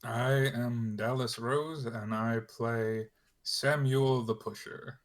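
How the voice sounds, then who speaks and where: A man's voice: medium pitch, steady tone, slow pace. A man in casual chat as a tabletop game player, joking and teasing the others.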